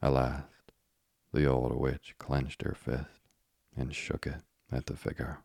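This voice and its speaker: A man narrating a classic tale as an audiobook, with measured, deliberate phrasing. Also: a bass voice, little pitch movement, creaky, darkish tone, slightly rough, dry recording, studio quality.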